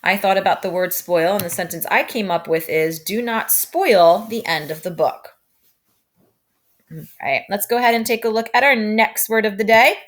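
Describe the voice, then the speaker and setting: A woman's voice: mid-range voice, moderate pace. A woman teaching a remote phonics lesson to young children, patient and upbeat, often checking in with "right?".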